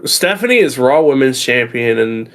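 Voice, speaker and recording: Chill guy rambling on a stream, lots of ums, medium pitch. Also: normal speed. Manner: relaxed, rambling, with fillers and restarts. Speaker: guest co-host. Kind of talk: casual chat.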